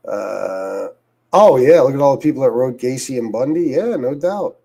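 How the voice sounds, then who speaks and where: Profanity, repetition, and lively storytelling fill this middle-aged man's livestream rant, which wanders through asides as he hosts. He speaks at medium pitch and a moderate pace, sounding creaky and slightly rough, on a rough recording.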